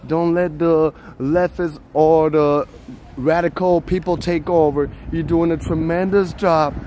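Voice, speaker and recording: A man's voice: fairly high pitch, fairly even intonation, a little slow, darkish tone, a little hiss or hum, close to an everyday voice. A man doing an impression of a boastful male politician who keeps repeating "tremendous" while heaping praise.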